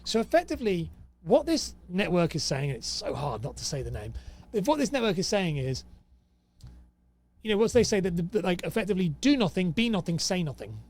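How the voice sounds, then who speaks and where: A young man with a fairly high voice talks casually to camera. He reads rules aloud and answers them with dry, exasperated sarcasm. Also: big pitch swings, fairly quick, darkish tone. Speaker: host.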